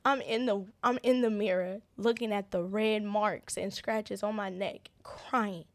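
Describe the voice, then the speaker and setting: A young woman with a gravelly touch of vocal fry speaks as an interview guest, telling a personal story. Her delivery is earnest and halting, with frequent restarts and repeated words. The sound is dry and close, with little room echo. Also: medium pitch, fairly even intonation. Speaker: interview guest, business owner.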